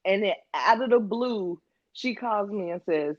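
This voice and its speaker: A woman's voice: mid-range voice, a little slow, no room sound. A chatty woman co-host tells stories and teases her friends, putting on little voices. The sound is dry and a little muffled, like a modest home setup. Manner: animated storyteller, laughs often, mimics friends. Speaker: podcast co-host. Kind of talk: casual chat.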